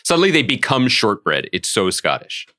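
Lively, bright-voiced man riffing on a podcast. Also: lowish voice, moderate pace. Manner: animated storyteller, jokey riffs. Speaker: podcast co-host. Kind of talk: casual pop-culture chat.

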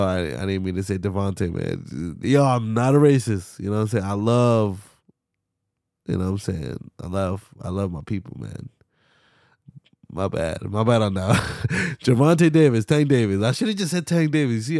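Gravelly young man rambling on a podcast. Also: fairly low pitch, a little mellow, dry recording, studio quality. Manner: loose, profane, frequent fillers and sighs. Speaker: podcast host. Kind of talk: casual solo podcast rambling.

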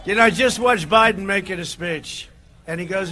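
Rally speaker, male, meandering delivery with punchy shouts and quiet asides, voice a touch high and cutting. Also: normal speed. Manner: rambling, digressive, swings between shouting and muttering. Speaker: political candidate at a rally. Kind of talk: campaign rally speech. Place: outdoor rally.

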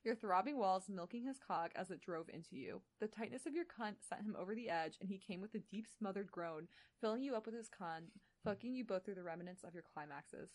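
A woman's voice: medium pitch, animated, brisk, a little mellow. A woman co-hosting a comedy podcast, reading explicit fan fiction aloud, often breaking into laughter and chatty asides. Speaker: podcast co-host.

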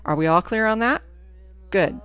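A woman's voice: mid-range voice, expressive, moderate pace, fairly bright tone, soft background music. A woman voicing a stern, formal booster club president running a school auction, with a commanding announcer manner.

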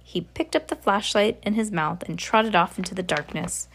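A woman reading a novel aloud in a steady voice, now and then slipping and correcting herself. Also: medium pitch, moderate pace. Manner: steady reading with occasional slips and self-corrections. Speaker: audiobook reader.

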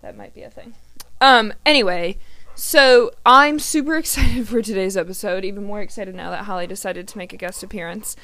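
A woman's voice: medium pitch, fairly quick, pushed and bright, no echo. A woman, hosting a casual podcast and chatting freely with many ums and a little swearing. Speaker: podcast host. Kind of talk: casual chat. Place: grandparents' house.

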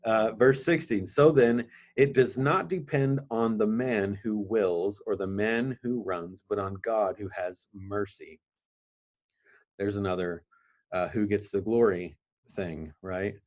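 Man, low voice, casual bible teaching, reads verses aloud, halting asides. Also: a little mellow. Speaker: podcast host.

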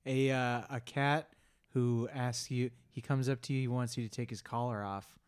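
A man's voice: medium pitch, fairly even intonation, moderate pace, smooth. A man co-hosting a podcast, telling tales with a wry, dry humor. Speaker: podcast co-host. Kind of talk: casual chat.

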